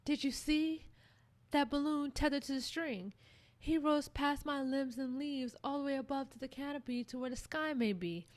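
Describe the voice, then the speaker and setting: An anxious young redwood tree, voiced by a woman, pitched up high and asking questions in a pleading rush. This is a storybook figure, a boy tree who is eager and unsure. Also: normal speed, lightly acted.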